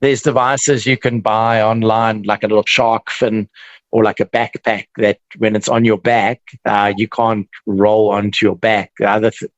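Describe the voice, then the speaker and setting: A man with a South African accent, a dentist guest explaining treatment in relaxed, casual chat. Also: fairly low pitch, moderate pace, dry recording, dull audio. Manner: relaxed, explains with examples and restarts.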